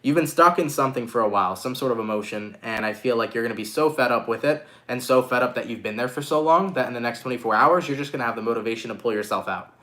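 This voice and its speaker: A man giving a casual live-streamed tarot reading, expressive and swearing freely as he talks to viewers. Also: medium pitch, fast talker, hardly any pauses. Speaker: tarot reader.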